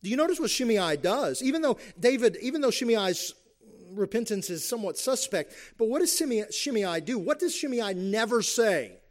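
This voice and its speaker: An earnest man preaching a sermon in a slightly raised voice. He drives his points home with emphasis, rhetorical questions and quick acted-out quotes. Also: high voice, very animated.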